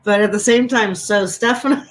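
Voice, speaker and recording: Woman, host, casual chat, laughing storyteller, slightly high voice, video call. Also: unhurried, rough recording.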